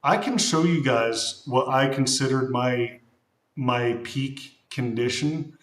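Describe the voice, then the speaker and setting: A man's voice: mid-range voice, slow pace. Rambling male streamer, echoey room. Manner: rambling, self-reflective, many restarts. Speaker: streamer and bodybuilder. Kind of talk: casual live-stream chat.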